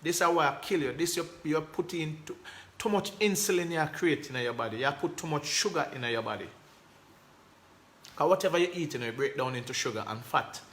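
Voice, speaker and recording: In a slightly high, fairly bright voice, a man hosts a casual live stream, talking a little fast and expressively. He has a Jamaican accent, uses emphatic patois phrasing, and reads out comments from viewers.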